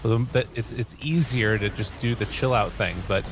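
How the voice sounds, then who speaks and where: A man commentating in casual panel chat, relaxed and thinking aloud, with faint noise behind. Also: mid-range voice, normal speed. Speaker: esports commentator.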